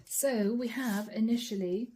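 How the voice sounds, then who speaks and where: A woman's voice: fairly high pitch, a little slow, background noise. A woman doing a channeled tarot reading, chatting directly to her viewers as she reads the cards aloud. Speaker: tarot card reader.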